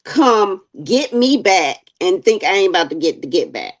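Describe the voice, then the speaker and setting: A woman co-hosts a casual debate in a mid-pitched voice. Her delivery is sassy, and she stretches out words for emphasis. Her pitch moves a lot as she makes her case. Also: very animated, moderate pace. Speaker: co-host.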